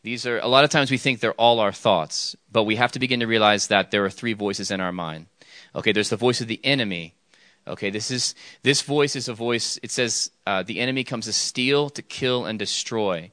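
A young man preaching to young people in a loose, chatty way, full of fillers, restarts and questions to the room. His voice sits a little low but comes across bright and forceful. It is recorded close and dry, with no room sound. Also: moderate pace, no room sound. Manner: conversational, many fillers and restarts, asks the audience questions. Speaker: youth speaker. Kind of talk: casual sermon storytelling.

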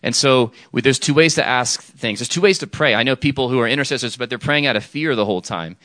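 A man's voice: mid-range voice, quick pace, hardly any pauses, pushed and bright, no echo, studio quality. A man preaching an informal sermon, talking with the audience, checking in with "okay?" often and restarting his sentences. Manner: chatty, frequent "okay?" and restarts, jokes with audience.

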